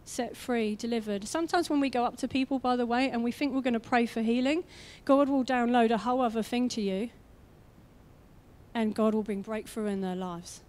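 Woman, young adult, sermon, high pitched, energetic, conversational, acts out quoted voices. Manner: energetic and conversational, with quick asides. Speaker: guest preacher.

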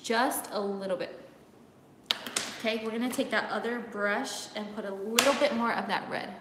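A woman's voice: fairly even intonation, moderate pace, very noisy. Playful woman, echoey room. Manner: playful, teasing, bursts into laughter and high sing-song bits. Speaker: makeup vlogger. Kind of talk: casual makeup tutorial chat with live comments. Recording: echoey room with long reverb.

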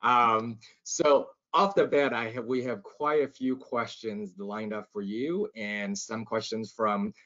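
A man's voice: fairly low pitch, steady tone, slow, few pauses, fairly bright tone, dull audio. A man hosting a podcast, speaking loosely with many fillers and restarts. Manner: loose, hesitant, many fillers, laughs easily. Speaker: podcast host, eye doctor. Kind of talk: casual introduction and chat.

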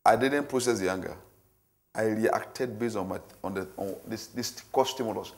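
A man's voice: on the low side, moderate pace. A man teaching a church marriage class, repeating himself and acting out everyday scenes as he lectures. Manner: repetitive, animated, acts out scenarios.

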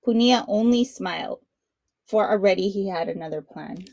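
A woman's voice: medium pitch, normal speed, creaky, a little mellow, dull audio. A woman reading a children's picture book aloud as a read-along host, in a friendly storytelling manner. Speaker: storybook reader.

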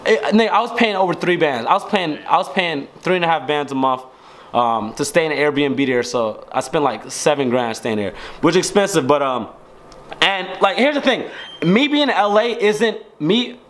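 A man's voice: a little high, expressive, normal speed, fairly bright tone. A young man from Georgia in the US, rambling in slang to the camera at home and restarting his sentences. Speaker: vlogger. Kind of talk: casual chat to camera. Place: at home indoors.

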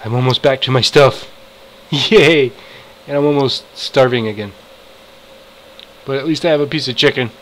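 A man giving casual commentary while playing a game, talking to himself, swinging between frustrated outbursts and excited shouts. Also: mid-range voice, moderate pace, pauses often, low-quality recording. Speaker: gamer.

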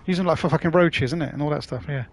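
Man, London Cockney accent, gaming streamer, casual chat with viewers, matey, swears freely, slightly high voice. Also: rapid-fire, slight background noise. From London, England. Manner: chatty, matey, swears freely, calls viewers mate and dude. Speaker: gaming livestreamer.

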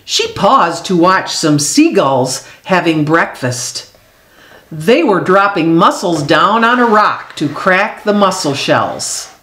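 A woman reading a children's picture book aloud, telling it in an expressive, unhurried way. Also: lowish voice. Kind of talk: storybook read-aloud. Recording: echoey room.

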